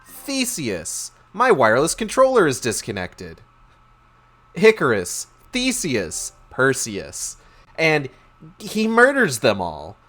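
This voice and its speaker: A man's voice: mid-range voice, fairly bright tone. A man casually recapping game lore with sarcastic, profane, slangy humor and lots of fillers.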